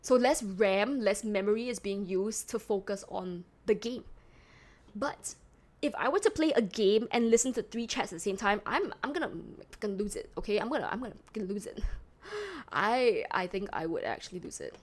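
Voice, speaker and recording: A woman's voice: mid-range voice, very animated, moderate pace. A young woman from Singapore with a toned-down Singaporean accent, chatting casually on a live stream, rambling and self-mocking as she reads chat aloud. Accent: Singaporean English, toned down.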